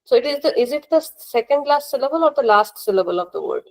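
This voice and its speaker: A woman's voice: on the high side, big pitch swings, quick pace, gravelly, a little mellow, rough recording. A woman teacher, patiently explaining grammar rules during a live online class, repeating points and checking that students follow. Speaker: language teacher.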